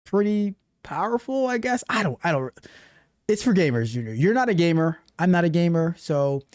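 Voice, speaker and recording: A man hosts a relaxed tech livestream and chats with his viewers. His voice sits a bit high and moves in an animated, repetitive way. The sound is dry and close. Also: normal speed, no room sound. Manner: animated, repeats himself, reads chat aloud. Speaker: livestream host and tech coach. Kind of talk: casual livestream chat.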